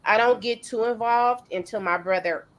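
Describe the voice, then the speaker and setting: A woman's voice: a little high, normal speed. Middle-aged woman host just chatting, loose rambly storytelling, lots of ums. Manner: relaxed storytelling with fillers and restarts. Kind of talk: casual chat.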